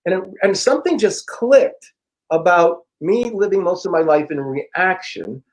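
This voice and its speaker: A middle-aged man, an interview guest and personal growth teacher, telling a story in a frank, profane, animated way and acting out the dialogue. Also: sits high, measured pace, rough recording. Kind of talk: casual storytelling.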